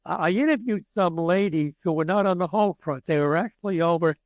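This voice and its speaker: On poor, dry audio, a high-pitched man speaks a little fast. In his eighties, he's a guest in a storytelling interview, bringing the tales to life by acting out what people said.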